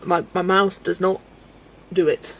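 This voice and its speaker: Colouring at a desk at home, a woman from Belgium reads her livestream chat in a casual talk with viewers. Her fairly low voice moves little in pitch and keeps a measured pace, though she laughs a lot and trips over names. The audio is rough, with slight background noise.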